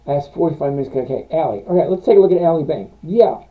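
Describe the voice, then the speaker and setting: A man's voice: a little high, expressive, very fast. Blunt man on a tinny phone-like line. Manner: blunt, rambling, answers viewer questions, reads numbers off charts. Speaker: livestream stock trading host. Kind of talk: casual live Q&A reviewing stocks.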